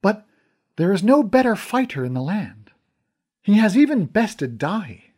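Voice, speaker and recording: A man's voice: sits high, big pitch swings, a little slow, a little mellow, slightly rough, pitched above the performer's own voice, exaggerated voice. A man voicing a teasing queen mother. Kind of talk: audiobook character reading.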